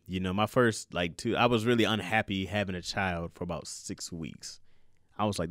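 A man's voice: deep voice, fairly even intonation, moderate pace, fairly bright tone, dry recording, clean studio sound. A man, a new father and comedian, talking casually and animatedly, swearing and laughing often. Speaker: new father giving advice. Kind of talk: casual monologue.

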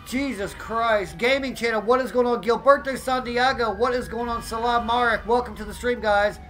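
A man giving excitable live gameplay commentary as a streamer, often exclaiming and greeting his chat. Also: very high-pitched, normal speed, low-quality recording.

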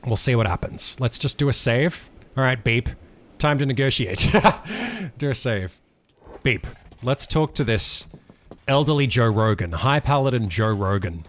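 A man hosting a gaming channel, giving excitable let's play commentary and laughing often. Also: mid-range voice. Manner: excitable, laughs often, yells when things go wrong.

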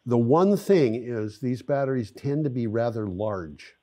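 A man's voice: medium pitch, animated, unhurried, warm tone. A man hosting a show, explaining things step by step in a chatty, casual way. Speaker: show host.

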